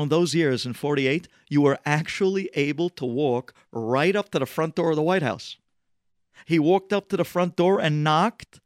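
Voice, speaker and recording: A man telling a religious story dramatically, swinging between loud and hushed. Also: a little high, dry recording, clean studio sound.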